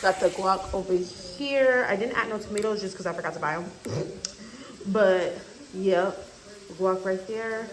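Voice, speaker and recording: A woman talking casually to her viewers in a relaxed, rambling vlog, narrating what she is doing as she goes. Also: medium pitch, measured pace, a little hiss or hum, low-quality recording. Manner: chatty, talks straight to viewers, relaxed and rambling. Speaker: lifestyle vlogger. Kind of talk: casual vlog chat to camera.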